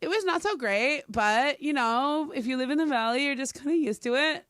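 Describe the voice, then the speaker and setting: A woman co-hosting a radio show in casual studio banter. She is animated and laughs often. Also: sits high, normal speed, dry recording. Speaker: radio co-host.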